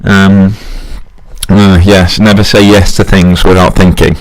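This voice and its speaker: A man's voice: sits low, level tone, a little slow. A young man rambling through a casual solo monologue, self-mocking and chuckling at his own jokes.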